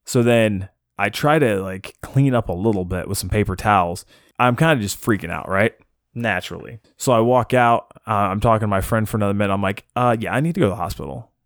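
A young man casually telling a personal story on a podcast, animated and self-mocking, acting out the people he quotes. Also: on the low side, a little fast, no room sound, studio quality.

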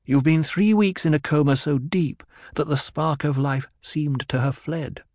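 A man's voice: on the high side, a little slow, darkish tone, dry recording, studio quality, pitched above the performer's own voice, lightly acted. A man voicing a proud, weary middle-aged noblewoman who speaks bitterly.

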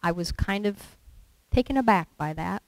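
Woman lay preacher, mid pitch, conversational sermon delivery, dry recording. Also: lively intonation, moderate pace, no echo, rough recording. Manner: conversational, with rhetorical questions and acted quotes.

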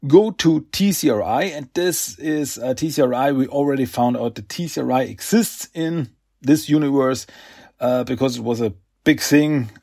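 A man's voice: mid-range voice, normal speed, vocal fry, a little mellow. A man hosting a podcast, recapping a comic book in a casual, rambling way. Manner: rambling with many uhs and restarts. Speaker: podcast host.

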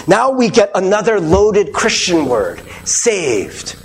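A male pastor with a very high voice delivers a sermon in an earnest, conversational way, full of rhetorical questions. His pitch swings widely as he preaches. A faint hiss of noise sits behind him. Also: big pitch swings, slow pace, few pauses, big-room sound.

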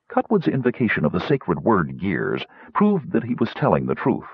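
A man's voice: low-pitched, wildly swooping pitch, moderate pace, few pauses, breathy edge, dry recording, highs cut off. A man reading an audiobook in a scripted narration style, giving each character a voice of his own.

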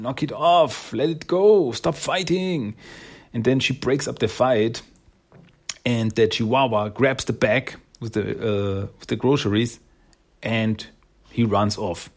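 A man's voice: mid-range voice, darkish tone. A man casually retelling a story, rambling and correcting himself as he goes. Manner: rambling, self-correcting, laughs often.

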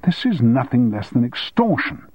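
A man's voice: medium pitch, very animated, moderate pace, husky, dry recording, highs cut off. A man reading an audiobook, voicing a hot-tempered young man who splutters and raises his voice indignantly. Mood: blustering. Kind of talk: audiobook character voice.

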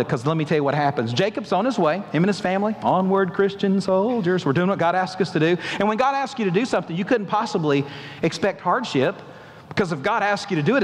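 A man preaching a sermon as pastor, animated, acting out quoted voices and putting questions to the congregation. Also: high voice, in a large hall. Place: large church hall.

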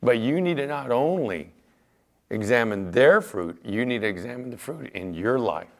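A man's voice: medium pitch, expressive, moderate pace, creaky. A middle-aged man preaching as a pastor, telling everyday stories in a chatty way and acting out the back-and-forth of conversations. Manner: chatty storyteller, acts out quoted exchanges, fillers like "you know". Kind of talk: conversational sermon with anecdotes.

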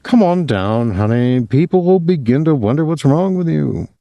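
A man's voice: on the high side, animated, moderate pace, warm tone, no echo, highs cut off, pitched above the performer's own voice. A man voicing a flushed, slightly drunk young husband who talks in a reproachful, wheedling way. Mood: pleading.

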